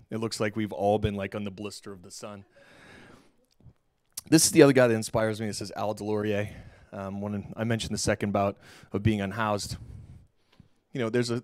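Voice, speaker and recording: Keynote speaker, middle-aged man, low voice, animated storyteller, dry close sound. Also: no echo. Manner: animated, acts out quoted dialogue, casual slang. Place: lecture hall stage.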